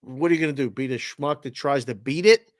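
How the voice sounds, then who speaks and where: A man's voice: medium pitch, fairly quick, no room sound, clean studio sound. Teasing male sports betting co-host. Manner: teasing, emphatic about picks. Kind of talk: casual sports talk banter.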